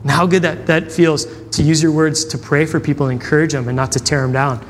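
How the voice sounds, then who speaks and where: A man's voice: on the high side, level tone, quick pace, big-room sound, slight background noise. A man preaching a sermon, telling personal stories in a conversational way and acting out the dialogue. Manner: conversational, acts out quoted dialogue. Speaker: pastor.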